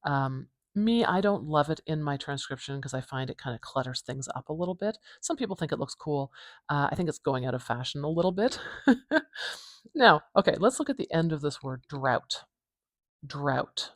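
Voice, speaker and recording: A woman from Canada teaching phonetics at home in a calm, unhurried lesson inspired by ASMR. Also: sits low, dry recording, clean studio sound. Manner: calm, unhurried, explains step by step. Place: home room.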